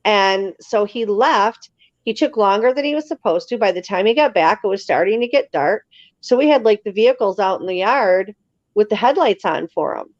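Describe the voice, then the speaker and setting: A woman telling stories as an interview guest in a casual, lively way, acting out other people's lines. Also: medium pitch, moderate pace, no room sound. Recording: slightly dull lo-fi sound.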